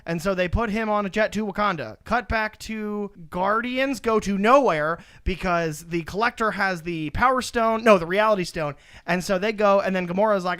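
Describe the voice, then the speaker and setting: A man races through a casual movie recap for a podcast, cursing freely as he goes. His voice is high-pitched and smooth, with a clear, resonant tone. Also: fairly bright tone. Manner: rushed, profane storytelling. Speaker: podcast host.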